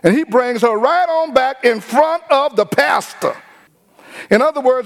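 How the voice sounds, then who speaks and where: A man preaching a sermon as pastor, animated and informal, acting out the people he talks about. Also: very high-pitched, moderate pace, long reverb tail. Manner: animated preaching with acted-out quotes.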